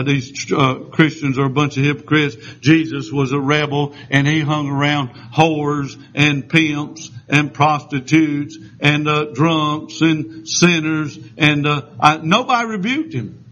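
A man preaching a fiery, emphatic sermon, often pausing for "amen.". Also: fairly high pitch, fairly bright tone. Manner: fiery, emphatic, punctuated with amens. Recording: dull lo-fi sound.

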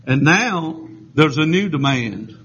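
Fiery male preacher, fairly high voice. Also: lively intonation, takes it slowly, fairly bright tone, a little hiss or hum. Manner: fiery, emphatic, punctuated with amens. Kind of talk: sermon. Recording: dull lo-fi sound.

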